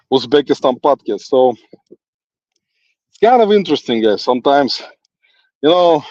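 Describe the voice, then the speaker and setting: A man with a non-native English accent rambles on while walking outdoors, teasing an absent critic and chuckling between thoughts. His voice sits a little high, and the sound is dull and lo-fi, dry, with no room around it. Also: a little mellow, no room sound. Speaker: livestream host. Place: outdoors in a forest.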